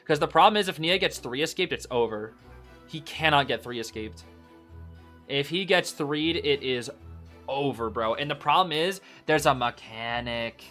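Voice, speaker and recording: A man casually co-watching an esports final, reacting excitedly and often saying "bro". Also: fairly high pitch, normal speed, soft background music. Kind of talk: casual live watch-along commentary.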